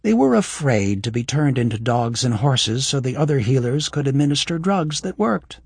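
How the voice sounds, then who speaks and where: Guy doing a young woman healer, frank and wry, pitched up, lively, bit husky. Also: moderate pace, no echo, heavily acted. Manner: raised voice for a woman, expressive.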